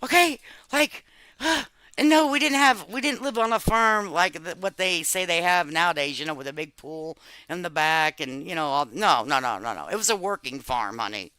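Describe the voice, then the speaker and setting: A woman's voice: sits low, lively intonation, normal speed, few pauses, pushed and bright, clear, resonant tone, no echo. A woman hosting a live stream, chatting casually in a brash, profane, joking way and calling people honey. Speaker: live-stream commentary host.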